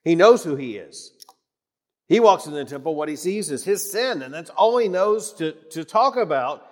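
A man preaching an emphatic sermon in a church, repeating phrases for weight and swinging from loud declarations to hushed tones. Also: fairly high pitch, animated, normal speed. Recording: long reverb of a church hall.

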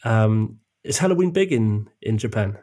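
A man's voice: lowish voice, lively intonation, moderate pace, mellow. A man in his thirties hosting a podcast in casual chat, his voice nasal and stuffy from a cold, laughing easily as he talks. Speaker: podcast host.

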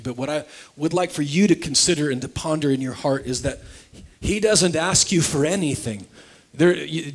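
A pastor preaching conversationally, making heartfelt appeals to his congregation. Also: on the high side. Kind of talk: sermon.

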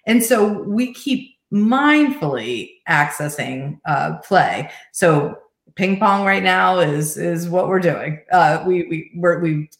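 A middle-aged woman, a life coach, telling a personal story in an earnest, reflective way with soft laughs. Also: on the low side, expressive, takes it slowly. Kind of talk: conversational interview storytelling. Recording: echoey room.

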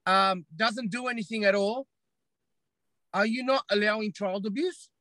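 Australian man, podcast guest. High, bright voice, forceful, repeats lines for emphasis, dry close recording. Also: moderate pace, no echo. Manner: emphatic, repeats phrases for effect. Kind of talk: podcast interview.

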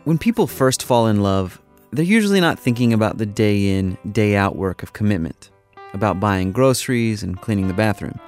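A man with a lowish voice narrates a radio feature from a script. He keeps a measured storytelling pace. Faint music plays underneath. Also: animated, a little mellow. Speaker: podcast host, narrator.

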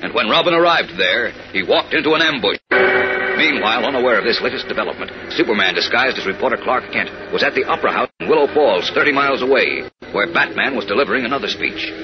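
A man announcing and narrating a 1940s radio serial in a dramatic, measured way. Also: medium pitch, lively intonation. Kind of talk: scripted narration. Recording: dull old radio recording with music.

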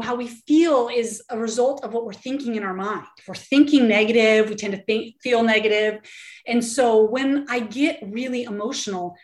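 A woman in her thirties, a podcast guest, talking in an earnest, encouraging way and laughing often. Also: a little high. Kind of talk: casual interview talk. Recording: roomy echo.

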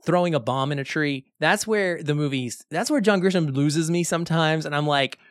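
A man's voice: a little high, normal speed, few pauses, no room sound, studio quality. A man co-hosting a film review podcast, talking animatedly and acting out his reactions to scenes. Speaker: podcast co-host. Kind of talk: casual film review chat.

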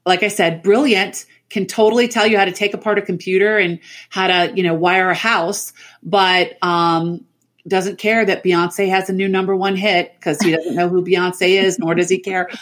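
A middle-aged woman, a podcast guest, telling family stories in casual chat over a remote call, animated and laughing often. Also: lowish voice, moderate pace. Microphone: remote call mic.

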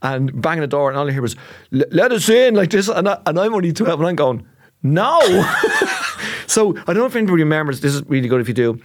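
A man in his forties with an Irish accent, a comedian telling an animated story in casual chat and acting out the voices. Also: on the high side, rapid-fire, few pauses, noisy background. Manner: animated storyteller, acts out voices, laughs a lot. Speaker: podcast guest, comedian.

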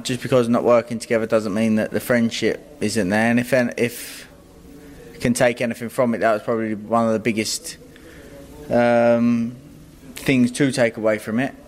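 A man, a boxing trainer, answering interview questions in a guarded, measured way, often repeating his phrases. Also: mid-range voice, darkish tone, slight background noise.

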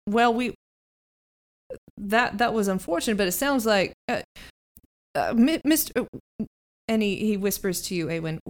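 A woman's voice: medium pitch, expressive, normal speed, long pauses, natural voice. A woman voicing a nonchalant, dry-humored male insect companion. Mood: wry.

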